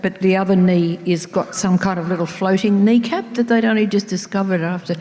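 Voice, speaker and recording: An older Australian woman, an author, chatting on stage and telling anecdotes that trail into soft asides. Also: mid-range voice, fairly even intonation, fairly quick. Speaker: author guest. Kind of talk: casual on-stage conversation. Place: large town hall ballroom. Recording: long reverb of a large hall.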